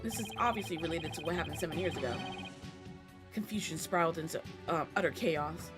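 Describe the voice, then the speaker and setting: A woman's voice: low-pitched, a little fast, voice pushed down, natural voice. A woman voicing a young male defense lawyer's solemn, dramatic inner narration, over game music. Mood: grim.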